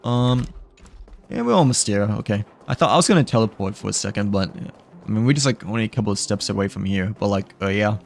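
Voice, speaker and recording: A man's voice: fairly low pitch, fast, gravelly, faint music behind. A man giving casual gameplay commentary, rambling with many fillers and little chuckles. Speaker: gamer.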